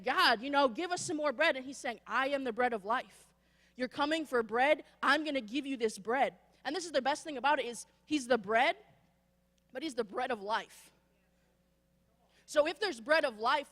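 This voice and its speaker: A woman preacher giving a lively sermon in a church, acting out voices as she tells stories. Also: high voice, big-room sound. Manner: animated storytelling, acts out voices. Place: church sanctuary.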